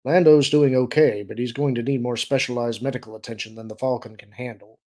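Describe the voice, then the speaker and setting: A man's voice: mid-range voice, steady tone, a little fast, a little mellow, lightly acted. A man voicing a blunt, sardonic starship pilot who talks in a dry, clipped, sarcastic way in an audiobook. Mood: wry.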